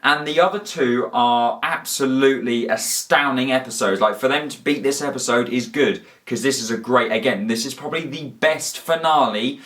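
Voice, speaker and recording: A man's voice: medium pitch, moderate pace, hardly any pauses, fairly bright tone. A man casually ranking episodes as a fan reviewer, talking enthusiastically and rambling with frequent restarts.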